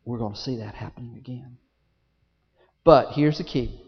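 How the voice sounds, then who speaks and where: A man preaching a sermon to a congregation, with big swings in pitch and loudness and many rhetorical questions. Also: moderate pace. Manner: speaks to the congregation directly, asks rhetorical questions. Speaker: pastor. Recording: dull audio in a large reverberant hall.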